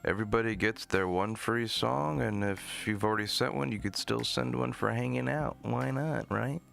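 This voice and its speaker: Profane, gravelly-voiced music-review streamer. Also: male voice, mid-range voice, moderate pace, a bit bright. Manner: blunt, profane, mocking asides. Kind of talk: casual live-stream chat.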